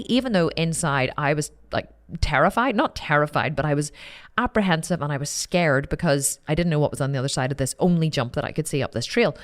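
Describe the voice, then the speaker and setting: A woman hosting a podcast, telling a personal story in a candid, animated way, repeating phrases and swearing casually. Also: sits low, fast. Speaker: podcast host.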